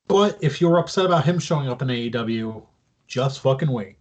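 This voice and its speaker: A man's voice: mid-range voice, lively intonation, fairly quick, a little mellow. A man co-hosting a casual wrestling podcast, explaining news at length in a loose, profane way. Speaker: podcast co-host.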